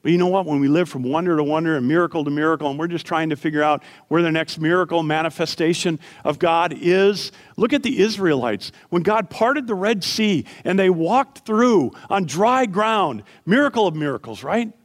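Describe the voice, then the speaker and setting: Earnest pastor preaching, swinging from emphatic to soft. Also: male voice, a little high, normal speed, hardly any pauses. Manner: earnest, rising to emphatic peaks then dropping to soft storytelling. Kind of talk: sermon.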